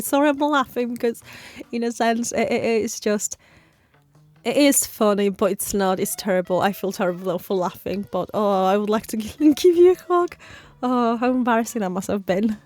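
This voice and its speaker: A woman's voice: medium pitch, moderate pace, darkish tone, dry recording. A woman giving casual reaction commentary in a sympathetic, chatty, giggly way. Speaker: reaction video host.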